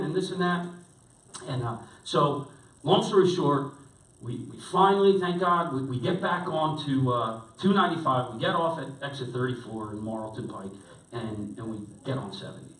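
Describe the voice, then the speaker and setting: Middle-aged pastor telling a story in a roomy hall. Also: male voice, medium pitch, normal speed. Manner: animated, rambling anecdote with restarts. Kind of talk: sermon with personal storytelling. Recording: roomy sound picked up from a distance.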